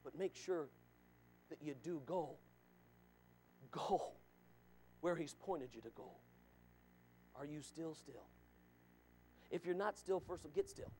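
Pastor, male, high-pitched; fervent preaching style that repeats and addresses listeners. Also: creaky, darkish tone, slight background noise. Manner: emphatic, repeats lines, calls out listeners by name. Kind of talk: sermon.

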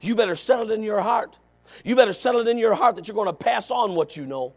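Male pastor, middle-aged, high-voiced; revival sermon, repetitive cadence, low asides into shouts. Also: fast, soft background music. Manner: swings from low conversational asides to shouted exhortation; repetitive, emphatic preaching cadence.

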